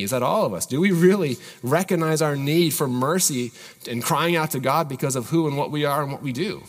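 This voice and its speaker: A man's voice: mid-range voice, normal speed, big-room sound. A man preaching a sermon as pastor, earnestly putting searching questions to his congregation.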